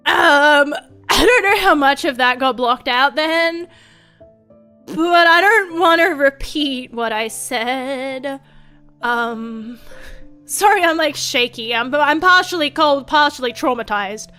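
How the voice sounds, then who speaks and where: A woman VTuber chatting casually on stream, rambling and animated, full of fillers and restarts. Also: high-pitched, takes it slowly, faint music behind.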